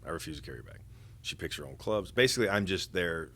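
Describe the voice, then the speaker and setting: A man's voice: low voice, animated, fast, fairly bright tone, slight background noise. A man co-hosting a podcast, chatting casually in a rambling, teasing way with many fillers. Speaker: podcast co-host. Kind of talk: casual chat.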